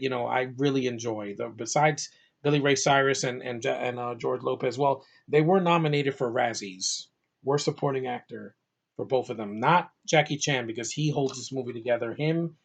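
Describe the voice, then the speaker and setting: A man giving a casual movie review on his channel, enthusiastic and rambling, with lots of fillers and restarts, sounding a little tired. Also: medium pitch.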